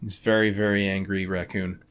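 A man's voice: deep voice, level tone, moderate pace, smooth. A man in his forties hosting a comics podcast, chatting casually, laughing often and swearing now and then. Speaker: podcast host. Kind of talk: casual chat.

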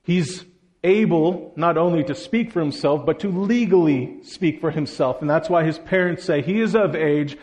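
Guy preaching a sermon, kinda high voice, really expressive, acts out the quotes. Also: moderate pace. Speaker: pastor.

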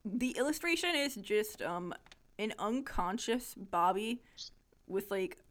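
A woman's voice: mid-range voice, animated, takes it slowly. A young adult woman co-hosting a podcast, reading a childhood story aloud and breaking off with amused, giggly asides. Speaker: podcast co-host.

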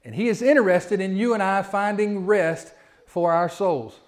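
A pastor preaching a sermon, his voice sitting a little high for a man. He talks in a folksy way, repeats his words and presses his points with rising emphasis. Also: moderate pace. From Southern United States.

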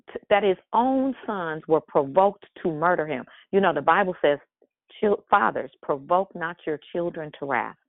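A woman with a deep voice hosts a morning leadership devotional, preaching with fervent, repeated exhortations. She drops in chatty asides where she corrects herself. The recording is dry and phone-like.

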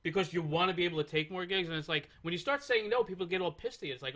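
A man's voice: high-pitched, rapid-fire. A man who is a guest comedian, telling stories and joking in a casual podcast chat. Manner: animated, storytelling, joking.

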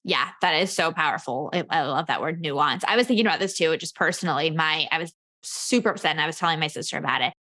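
A woman hosting a coaching podcast in casual conversation, upbeat and quick to laugh. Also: deep voice, sharp tone.

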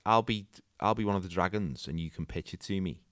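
A man hosting casual comedic chat, joking and animated. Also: low-pitched, a little fast, dry recording, studio quality.

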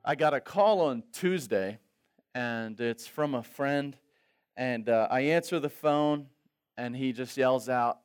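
A man preaching a sermon, telling an anecdote in an animated way and acting out the voices in his stories. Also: medium pitch, slow pace, clean tone, faint music behind. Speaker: pastor. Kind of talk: sermon storytelling.

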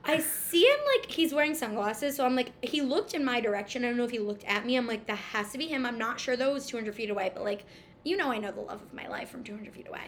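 A woman's voice: a little high, fast talker, slight background noise. A young woman animatedly telling a story in casual chat, acting out the dialogue. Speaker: storyteller guest.

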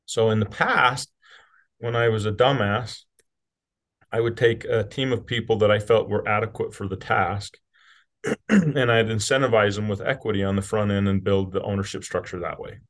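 A man's voice: on the low side, fairly even intonation, moderate pace, fairly bright tone. A middle-aged man from rural Utah, a company CEO talking candidly as a podcast guest, blunt and casual, with the odd swear word. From rural Utah, USA. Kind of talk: candid conversational interview.

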